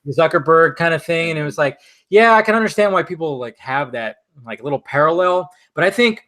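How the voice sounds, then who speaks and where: A man hosting a casual film chat, tipsy from vodka, talking in an animated, profane, rambling way with many restarts. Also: fairly high pitch, brisk. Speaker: host.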